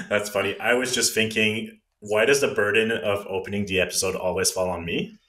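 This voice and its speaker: A man's voice: lowish voice, expressive, normal speed, pushed and bright. A man co-hosting a podcast in casual chat, teasing his partner and laughing often. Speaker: podcast co-host.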